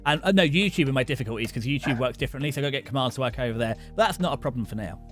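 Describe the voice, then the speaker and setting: A young British man hosting a livestream, rambling and joking excitably with many restarts. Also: mid-range voice, very fast, faint music behind. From Britain. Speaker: VTuber streamer host. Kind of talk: casual livestream chat.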